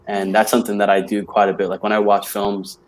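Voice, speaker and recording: A man's voice: fairly low pitch, completely flat delivery, fast. A man as a podcast guest in casual chat, talking with many "like" fillers and laughing easily.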